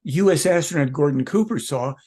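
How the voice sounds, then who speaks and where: A man with a fairly high, mellow voice speaks a little fast, his intonation lively, as an interview guest. His casual talk is rambling and emphatic, leaping from point to point.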